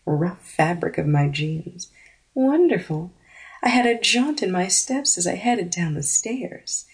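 A woman narrating a first-person audiobook in a smooth, unhurried read. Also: on the low side.

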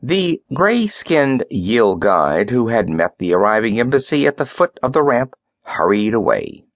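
Expressive male audiobook narrator. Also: medium pitch, a little slow, no room sound, clean studio sound. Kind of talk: scripted narration.

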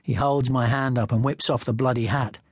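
A man's voice: medium pitch, steady tone, normal speed, slightly rough, no room sound, studio quality. A man reading a teen novel in the first person, with a wry, conversational manner. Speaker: audiobook narrator. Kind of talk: first-person audiobook narration.

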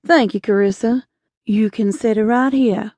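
A woman reading an audiobook, voicing a kindly, cautious older male shopkeeper in a gentle, fatherly way. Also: on the high side, measured pace, dry recording, pitched below the performer's own voice.

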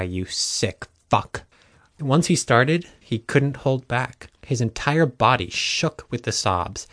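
A male audiobook narrator reading a novel in a measured, even way. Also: medium pitch, no echo, clean studio sound. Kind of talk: scripted narration.

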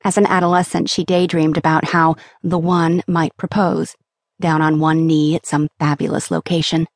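Woman narrating an audiobook, lowish voice, steady, dry close mic. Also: moderate pace, no room sound.

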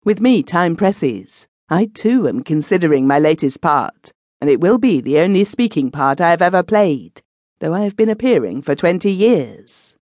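A woman's voice: on the low side, big pitch swings, normal speed, a little mellow, no room sound. A woman reading the part of a burly, grim former male executioner who speaks formally and solemnly, in an audiobook. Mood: earnest.

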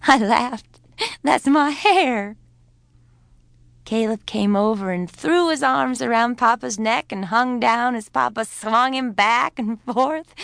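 A woman narrating a children's audiobook in an unhurried, tender storytelling manner, recorded in a studio. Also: fairly high pitch, gravelly, fairly bright tone, dry recording.

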